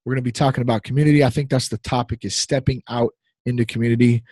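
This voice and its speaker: A man's voice: mid-range voice, fairly even intonation, rapid-fire, darkish tone, no room sound. A man in his thirties hosting a podcast, talking casually in a rambling, easily distracted, playful way. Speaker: podcast host.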